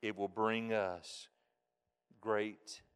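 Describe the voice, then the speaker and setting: A male pastor delivers a sermon from the pulpit, talking slowly and plainly, with a clear, resonant tone. He moves from quiet asides to loud, emphatic points. The sound carries a long reverb from the large church hall. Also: lowish voice, little pitch movement. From United States. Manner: folksy, swings from soft to loud and emphatic.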